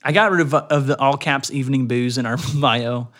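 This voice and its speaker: A man's voice: mid-range voice, moderate pace, fairly bright tone. A man co-hosting a casual podcast, joking around and laughing often. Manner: joking, laughs often, does silly accents. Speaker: podcast co-host. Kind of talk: casual chat.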